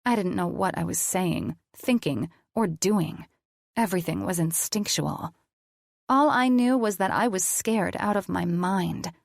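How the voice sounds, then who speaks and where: A woman narrating an audiobook in the first person, in a measured, even way. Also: fairly low pitch, creaky, dry recording, clean studio sound.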